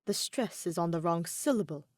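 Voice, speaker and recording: A woman's voice: lowish voice, animated, moderate pace, darkish tone, no echo, clean studio sound. A woman voicing a proud, stern male doctor in a fan audio story, with formal, clipped speech. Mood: dry.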